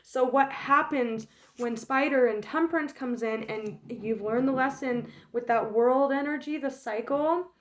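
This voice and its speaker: Woman tarot reader, slightly high voice, blunt and animated, swears a lot, loose and chatty. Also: unhurried. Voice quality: frank, swears freely, frequent fillers. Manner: animated, laughs often, emotional. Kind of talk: casual tarot reading.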